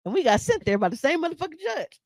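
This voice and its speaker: A woman's voice: high voice, sing-song, fast, no room sound. Blunt, profane woman telling a story. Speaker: podcast co-host. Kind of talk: casual storytelling chat.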